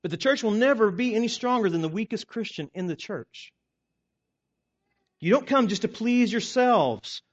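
Emphatic high-voiced male preacher. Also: lively intonation, normal speed. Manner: emphatic preaching with sharp rises and quiet drops. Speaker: pastor. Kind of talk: sermon. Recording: dull lo-fi recording.

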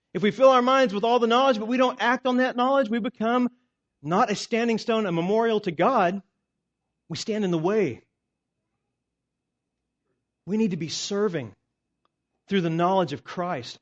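A man with a high voice preaches a sermon from the pulpit, pressing his points with loud rises and then falling quiet and low. The recording is dull and lo-fi. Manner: emphatic preaching with sharp rises and quiet drops. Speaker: pastor.

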